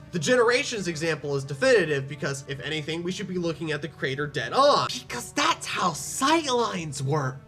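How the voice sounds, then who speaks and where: A man's voice: sits high, bright, forceful tone. A man narrating a scripted video essay in a sarcastic, exasperated way. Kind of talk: scripted commentary.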